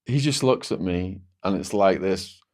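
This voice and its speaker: Man, deep-ish voice, interview guest, vivid personal story, lots of "like" fillers. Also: measured pace, a little mellow. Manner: vivid storytelling, frequent "like" and restarts.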